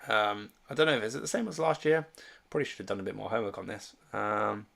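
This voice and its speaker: A man's voice: lowish voice, quick pace, vocal fry, fairly bright tone. A man casually chatting on a livestream, reading viewer comments and thinking aloud with lots of fillers and restarts. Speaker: streamer and fantasy sports host.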